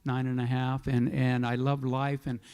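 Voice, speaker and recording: A man's voice: medium pitch, completely flat delivery, moderate pace, darkish tone, clean tone. Older man in his sixties, church testimony, loose rambling storyteller who keeps sidetracking himself. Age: 60s. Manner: rambling, conversational storytelling with self-interruptions. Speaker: church member giving testimony. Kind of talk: personal testimony at a church service. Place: church sanctuary.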